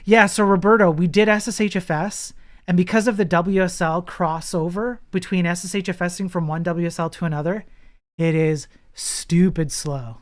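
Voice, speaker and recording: A man's voice: high-pitched, fairly even intonation, a little fast. A man chatting casually on a live coding stream, blunt and profane, laughing often.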